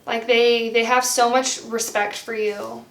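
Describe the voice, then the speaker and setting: A young woman reading tarot cards in a gentle, heartfelt way, rambling with lots of "like". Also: on the high side, little pitch movement, measured pace, gravelly. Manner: rambling, heavy use of "like". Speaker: tarot card reader. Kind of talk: pick-a-card tarot reading. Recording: roomy, slightly distant from mic.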